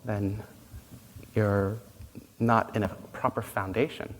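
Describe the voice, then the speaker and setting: Slow, gentle male Buddhist teacher. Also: fairly low pitch, steady tone. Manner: gentle, unhurried storytelling with pauses. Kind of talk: dharma talk. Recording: long reverb, faint noise.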